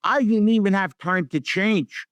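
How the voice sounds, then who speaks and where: Middle-aged New guy, raised pitch, bone-dry mic, lively raconteur doing voices for everyone he quotes. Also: unhurried, dry recording. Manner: animated storyteller acting out quotes in voices. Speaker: guest. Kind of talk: storytelling interview.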